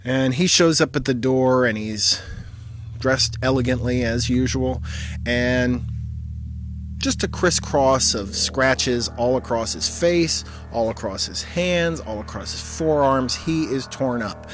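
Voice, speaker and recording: A man recounts a true personal story in a wry, conversational voice. His pitch sits in the middle range, and his telling is vivid and detailed. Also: slow, faint music behind.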